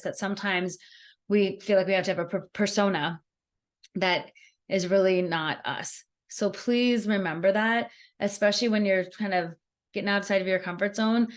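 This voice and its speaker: A woman giving a networking skills workshop, talking in an animated, conversational way and laughing easily as she acts out examples. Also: mid-range voice. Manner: laughs easily while explaining. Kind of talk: workshop presentation.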